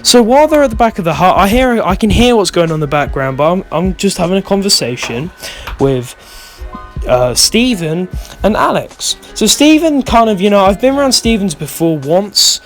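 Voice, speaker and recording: A man's voice: high-pitched, animated, normal speed, soft background music. A young man telling a rambling, swear-filled storytime in a vlog, often losing his thread. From United Kingdom. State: stoned. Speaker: vlogger.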